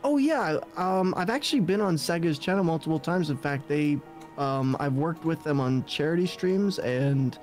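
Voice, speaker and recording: A man's voice: a little high, expressive, normal speed, darkish tone, faint music behind. A man guesting on a stream podcast, talking in a polite, earnest and somewhat self-conscious way. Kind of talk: casual chat on a live stream.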